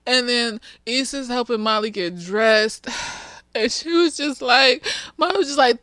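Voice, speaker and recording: A woman's voice: on the high side, lively intonation, unhurried, a bit bright, no echo. A slightly tipsy woman, a therapist, recapping a TV episode in a frank, chatty way full of slang and swearing. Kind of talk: casual TV recap vlog.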